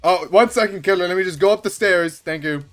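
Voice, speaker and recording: A man streaming a game, chatting casually and breaking into excited yelling and laughter. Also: sits high, fairly quick, soft background music. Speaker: gaming streamer. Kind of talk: casual let's-play commentary.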